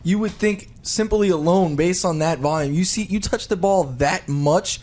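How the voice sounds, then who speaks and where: A man's voice: high voice, normal speed, a little mellow. A man with a somewhat raised voice talks through his football analysis. He builds his points step by step in long runs. The tone stays easy and conversational. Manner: thinks aloud in long, reasoned runs. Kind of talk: casual sports chat.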